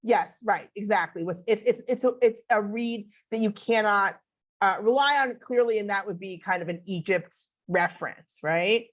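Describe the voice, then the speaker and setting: A woman's voice: medium pitch, moderate pace, muffled recording. A woman teaching a Bible class online, explaining in a conversational way and answering questions as she thinks aloud.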